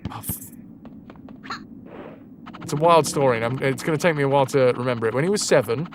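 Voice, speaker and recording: A man's voice: mid-range voice, fairly quick, background noise. A man streaming a game and casually retelling a legend, rambling, swearing and correcting himself as he goes. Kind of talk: casual storytelling while gaming.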